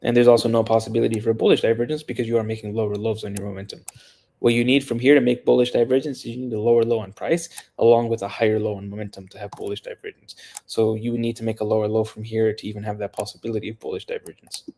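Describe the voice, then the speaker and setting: Male market analyst, low gravelly husky voice, rapid technical delivery with restarts. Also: flat delivery, warm tone. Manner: rapid, technical, with self-corrections. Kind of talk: casual chart analysis.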